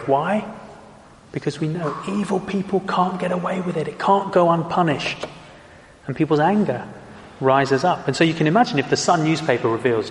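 A man's voice: fairly high pitch, a little hiss or hum. Man preaching in an echoey hall. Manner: earnest, conversational, with rhetorical questions. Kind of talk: sermon. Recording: echoey hall with long reverb.

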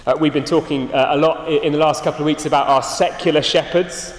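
A man preaching a sermon, earnest and emphatic, his phrases often sinking soft and low at the end. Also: steady tone, fast. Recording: echoey hall, reverberant.

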